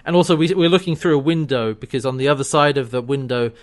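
A man co-hosting a casual podcast, recapping a TV episode in a chatty, relaxed way. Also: medium pitch, fast talker. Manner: chatty, relaxed, playfully acts out scenes. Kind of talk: casual chat.

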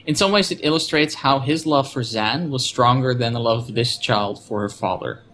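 A man's voice: mid-range voice, moderate pace, fairly bright tone, slight background noise. A man in casual podcast chat, reflecting on a TV episode and chiming in with his take. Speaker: podcast co-host recapping a TV episode.

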